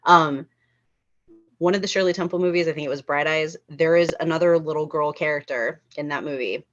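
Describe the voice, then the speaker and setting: A woman's voice: low-pitched, a bit bright. Chatty woman on a lo-fi call. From Los Angeles. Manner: chatty storyteller, laughs often. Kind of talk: casual online group chat. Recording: dull lo-fi call audio.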